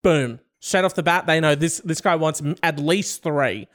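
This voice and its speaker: A man's voice: on the high side, normal speed, fairly bright tone. A man with a slightly raised voice tells a story and teases, now and then slipping into playful quoted voices. He speaks in an easy, casual chat manner.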